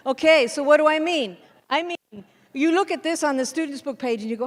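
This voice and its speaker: A middle-aged woman, a textbook author, gives an animated workshop talk to teachers and keeps asking the audience questions and answering them herself. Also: high voice, a little fast. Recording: hall reverb.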